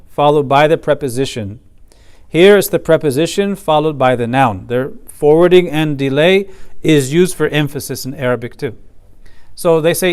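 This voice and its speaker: A man's voice: on the high side, smooth. A man teaching a Quran commentary class, explaining the text step by step and reciting Arabic phrases. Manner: methodical, stresses points and recites Arabic phrases.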